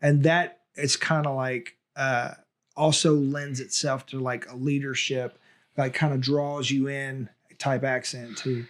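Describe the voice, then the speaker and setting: A man's voice: mid-range voice, little pitch movement, a little slow. A man hosting a casual fan discussion podcast, talking in a chatty way with lots of fillers and restarts. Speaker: podcast host.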